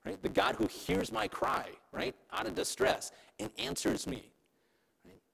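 A man's voice: high-pitched, a little slow, gravelly, fairly bright tone, poor audio. A man preaching a sermon in a conversational way, often checking in with his listeners. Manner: conversational preaching, keeps asking "right?". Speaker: pastor.

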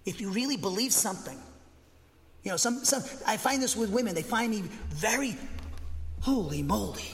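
A man preaching a sermon from a pulpit, emphatic and dogmatic, getting excited and speaking with conviction. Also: sits high, a little fast, a crowd in the background. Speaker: pastor. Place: church. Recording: long hall reverb.

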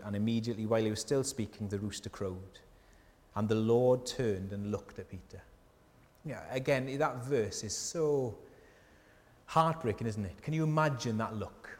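A man's voice: on the low side, normal speed. Earnest male preacher, reverberant church. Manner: conversational preaching with frequent rhetorical questions; earnest and tender, dropping softly at key lines. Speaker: pastor. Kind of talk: sermon. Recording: long hall reverb from a church.

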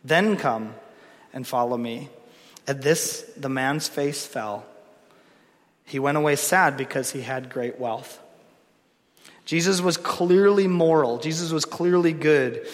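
A man's voice: a little high, slow pace, pauses often. A man giving a conversational sermon, reading scripture aloud with dramatic quotes and occasional laughs. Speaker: preacher. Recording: long hall reverb.

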